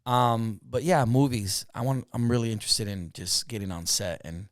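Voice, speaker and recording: A man's voice: mid-range voice, normal speed, no echo, clean studio sound. A man guesting on a podcast as a comedian and actor, talking in a laid-back, slangy way. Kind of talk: casual interview chat.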